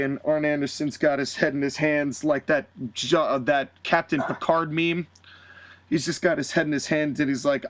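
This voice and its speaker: A male podcast host spinning an animated, rambling story in casual chat. His voice sits a little high. The sound is dry and close-miked. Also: moderate pace, no echo. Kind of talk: fantasy-booking storytelling chat.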